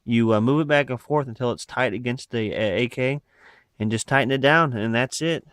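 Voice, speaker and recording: Filmed on a phone, a breathless man rambles through a casual show-and-tell of his rifle add-ons, full of fillers and asides. His voice is medium-pitched, moderately paced, a bit bright, clear and resonant, with clean studio sound and no room sound.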